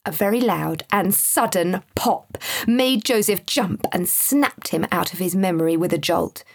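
A woman reading a children's story aloud in a gentle, expressive way. Her voice is a little husky and sits at a middle pitch. The recording is close and dry. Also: no echo. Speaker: narrator.

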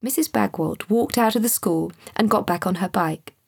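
A woman reading a children's story aloud in a calm, measured way. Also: medium pitch, creaky, slightly rough, dry recording, clean studio sound. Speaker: storybook reader. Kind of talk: scripted children's story narration.

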